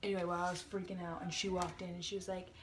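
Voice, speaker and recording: A woman's voice: fairly low pitch, little pitch movement, very fast, slight background noise. A young woman telling a work story to her camera in a chatty, exasperated way, full of fillers. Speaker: vlogger. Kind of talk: casual storytime vlog.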